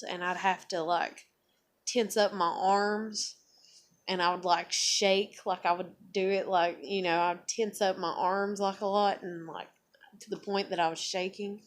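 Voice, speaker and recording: A woman in her thirties talking in a casual, rambling vlog monologue, full of fillers and swearing. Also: on the low side. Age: 30s. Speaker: vlogger.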